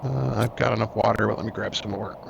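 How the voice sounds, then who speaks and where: A man hosting a game let's-play, thinking aloud in an unhurried way as he plays. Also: lowish voice, fairly even intonation, vocal fry, background noise. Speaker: gaming channel host. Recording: dull lo-fi recording, faint music.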